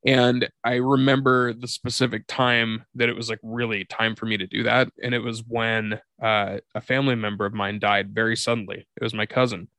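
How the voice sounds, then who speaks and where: A man's voice: fairly low pitch, flat delivery, moderate pace, few pauses, bright, forceful tone, no room sound. A man co-hosting a podcast, telling a candid personal story in a profane, confessional way. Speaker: podcast co-host. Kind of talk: candid comedic podcast conversation.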